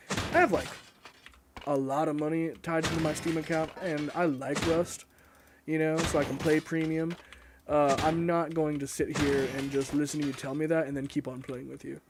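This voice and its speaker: A man's voice: fairly high pitch, little pitch movement, normal speed, noisy background. A young man chatting casually and rambling while he streams a game, cursing often and mocking himself. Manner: rambling, profane, self-mocking. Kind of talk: casual live-stream chat while gaming.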